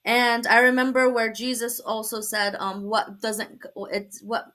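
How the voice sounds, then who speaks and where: A young woman from Brooklyn, telling her conversion story as a guest, animated and laughing often. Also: fairly high pitch, a little slow. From Brooklyn, New York. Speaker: guest sharing testimony. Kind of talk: personal testimony in a talk show.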